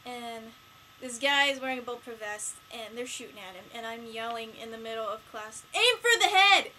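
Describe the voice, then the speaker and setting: A teenage girl chatting casually in a home vlog, rambling and excitable with lots of fillers. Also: a little high, fairly quick, a little hiss or hum, low-quality recording. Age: late teens. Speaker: vlogger.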